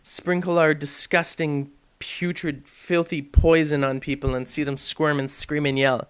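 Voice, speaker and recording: A brash young man rants to camera on his gaming vlog with a high-pitched voice. He talks in a provocative, joking way and keeps goading his viewers. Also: steady tone, a little slow, hardly any pauses, clear, resonant tone. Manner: brash, provocative and jokey, mocking voices in quotes.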